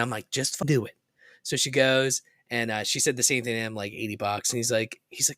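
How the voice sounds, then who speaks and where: A man's voice: mid-range voice, brisk, no echo, clean studio sound. A man co-hosting a podcast, telling rambling stories in casual chat and voicing the people he quotes with animation. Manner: rambling storyteller, animated when quoting people. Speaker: podcast co-host.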